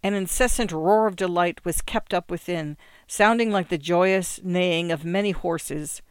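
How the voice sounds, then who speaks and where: A storyteller reading a classic tale in a measured, expressive way. The voice is smooth and resonant, and the recording is close and dry with no room sound. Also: mid-range voice, dry recording. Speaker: narrator.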